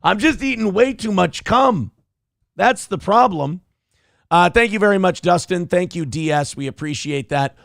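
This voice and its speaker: A man's voice: sits high, animated, normal speed, vocal fry, a bit bright, no room sound, clean studio sound. A man from central Minnesota hosting a livestream show, reading viewer donations and mocking people in a blunt, crude way. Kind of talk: casual livestream commentary.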